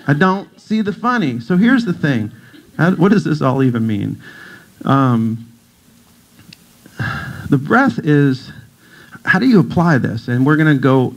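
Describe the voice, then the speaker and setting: A middle-aged man with a gravelly edge gives a casual talk to a church audience. He is a playful storyteller who slips into other people's voices for laughs. His pitch sits in the middle of the range. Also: a little mellow, poor audio. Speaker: guest speaker, breathwork teacher. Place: congregation hall.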